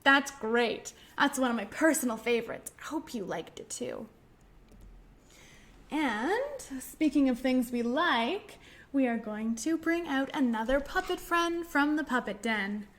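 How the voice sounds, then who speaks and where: A woman hosting a library storytime for young children, talking through finger rhymes in a gentle, encouraging way. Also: sits high, lively intonation, measured pace.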